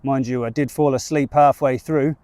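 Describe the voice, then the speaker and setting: A man's voice: medium pitch, steady tone, normal speed, warm tone, no echo, close to an everyday voice. A man voicing a jovial middle-aged male sheep farmer with a New Zealand accent and a cheeky, blustering salesman manner. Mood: hearty.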